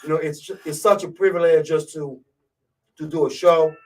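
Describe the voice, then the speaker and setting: A slightly high-pitched man talks at a normal speed in a steady, somewhat mellow tone, recorded roughly and from a distant mic. He's a radio host from Côte d'Ivoire with a heavy French accent, easygoing as he presents a live show. His talk is casual, full of check-ins with listeners and the constant phrase "you know what I'm saying."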